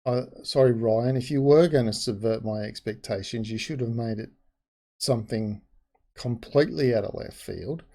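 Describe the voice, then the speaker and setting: A man talks through his take on a film in a loose, chatty way, often restarting his sentences and wandering into asides. His voice has a mellow, dark tone. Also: medium pitch. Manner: rambling, frank, with frequent restarts and asides. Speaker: movie reviewer. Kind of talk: casual spoken film review.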